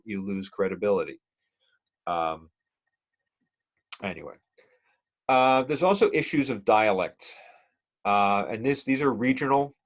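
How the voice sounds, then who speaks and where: A man's voice: fairly low pitch, dull audio. A male instructor giving a conversational, digressive classroom lecture and quizzing the class with questions.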